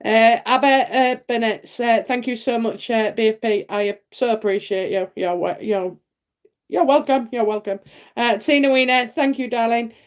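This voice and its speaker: A woman's voice: a little high, moderate pace. A middle-aged British woman doing a casual psychic reading on a live stream, rambling on with lots of fillers and tag questions and laughing often. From United Kingdom.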